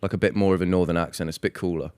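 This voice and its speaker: A man's voice: low-pitched, steady tone, very fast, a little mellow, clear, resonant tone, dry recording. A man from England co-hosting a podcast, swearing freely and laughing in playful casual chat. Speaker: podcast co-host.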